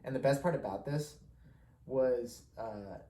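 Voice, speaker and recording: Young man, podcast host, swearing storyteller, mellow tone, roomy echo. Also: medium pitch, a little slow. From Mexican heritage. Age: young adult. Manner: profane, rambling, laughs often. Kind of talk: casual storytelling. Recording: echoey room with faint ambience.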